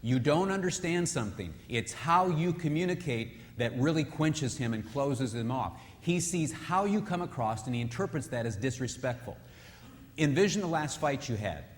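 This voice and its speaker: A man's voice: medium pitch, normal speed. A man speaking emphatically and animatedly at a marriage seminar in a live hall, acting out examples. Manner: emphatic, animated, acts out quotes. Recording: reverberant hall, faint noise.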